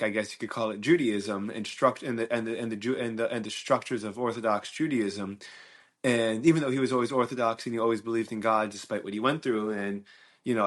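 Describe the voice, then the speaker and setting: A man's voice: mid-range voice, a bit bright. Earnest man reflecting on a podcast. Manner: earnest, searching, many restarts and fillers. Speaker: podcast host. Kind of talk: reflective solo podcast monologue. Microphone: mic and camera.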